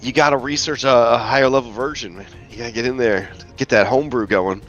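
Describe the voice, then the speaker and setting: A man's voice: medium pitch, fairly even intonation, quick pace, a bit bright, highs cut off, soft background music. A man narrating as game master of a tabletop game, rambling casually with lots of fillers.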